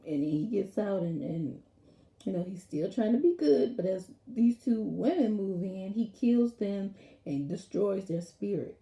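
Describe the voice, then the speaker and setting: A woman casually recapping a TV episode in a rambling, animated way, acting out lines from it as she goes. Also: mid-range voice, unhurried, vocal fry. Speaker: TV episode reviewer. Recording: roomy echo.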